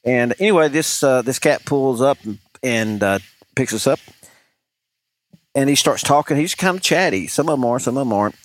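A man's voice: mid-range voice, animated, normal speed. Man, podcast co-host, chatty and rambling storyteller. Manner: chatty, many restarts and fillers. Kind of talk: casual chat, rambling storytelling.

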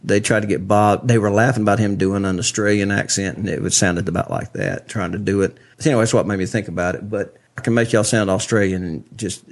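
A man's voice: fairly low pitch, fairly even intonation, fast, few pauses. A man, hosting a casual podcast chat, rambling and laughing often. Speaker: podcast host.

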